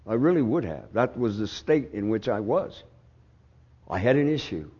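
Pastor, male, husky, unhurried sermon delivery with loud peaks and soft drops, dull lo-fi recording. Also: lowish voice, very animated. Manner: swings from loud outbursts to hushed, slow phrasing.

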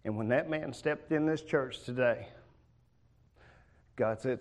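A man's voice: medium pitch, slow pace, pauses often. A man preaching a sermon in a church, folksy and joking in a conversational way.

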